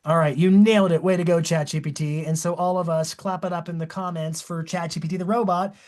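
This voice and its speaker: Energetic man presenting a webinar. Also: fairly high pitch, brisk. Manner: energetic, enthusiastic, demonstrative. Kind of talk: live webinar demonstration.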